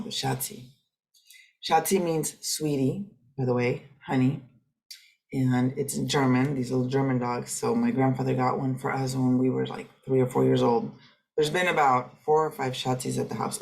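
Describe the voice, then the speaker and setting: A woman's voice: extremely low pitch, creaky, darkish tone, rough recording. A middle-aged woman hosting a podcast, talking in a rambling, conversational way with frequent restarts. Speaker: podcast host. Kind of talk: casual reflective monologue.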